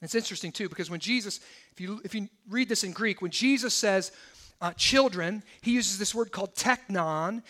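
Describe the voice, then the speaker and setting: Male pastor with a very high voice, preaching in an animated, chatty way. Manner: lively, conversational preaching with acted-out quotes. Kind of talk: sermon.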